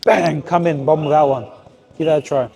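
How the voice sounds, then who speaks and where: A man works as a boxing coach in a gym. His voice sits high for a man, and he keeps firing brisk, repeated cues to his fighter. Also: fairly even intonation, vocal fry, a little mellow. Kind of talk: hands-on coaching session. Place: boxing gym with heavy bag.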